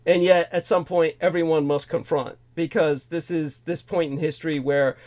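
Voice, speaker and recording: A man hosting a talk show, ranting in an animated, indignant way with many fillers, restarts and curses. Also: on the high side, moderate pace. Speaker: host.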